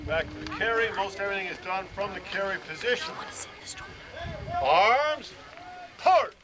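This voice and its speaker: A man's voice: high voice, quick pace. A man giving an outdoor reenactment demonstration, explaining rifle drill steadily and barking out commands. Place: outdoors at a historic fort. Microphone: camcorder from a distance. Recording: noisy outdoor camcorder audio.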